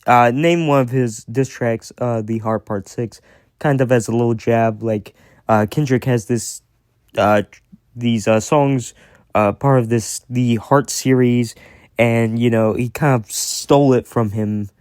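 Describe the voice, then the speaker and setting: A man's voice: mid-range voice, steady tone, measured pace, darkish tone, smooth, no room sound, studio quality. A man rambling casually about music, with lots of fillers, restarts and swearing. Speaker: music commentator.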